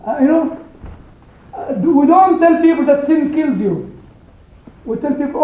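Storytelling to a small Bible study group he leads, a very high-pitched man speaks animatedly and emphatically. He breaks to stress single words, and the phone-like capture carries the room's echo.

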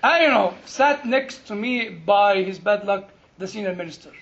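Man, sermon, very high pitch, humorous storytelling, dull lo-fi recording. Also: moderate pace, noisy background. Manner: animated, humorous storytelling with quoted exchanges. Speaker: preacher.

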